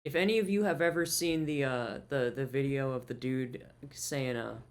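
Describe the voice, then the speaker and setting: In this laid-back podcast conversation, a man co-hosting rambles on, curses freely and keeps cracking up. He has a mid-range voice and talks at normal speed.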